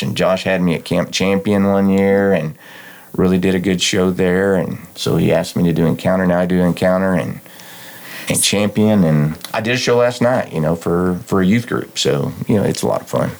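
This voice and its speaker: Low-voiced middle-aged man, radio tone. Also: a little mellow. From West Texas, United States. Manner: low smooth radio-like voice, halting restarts. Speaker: alumnus guest and amateur hypnotist. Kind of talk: casual interview chat.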